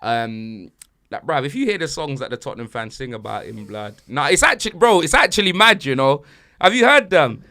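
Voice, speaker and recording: A man hosting a football banter podcast, talking in slang with loud, laughing bursts. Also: a little high, very animated, normal speed.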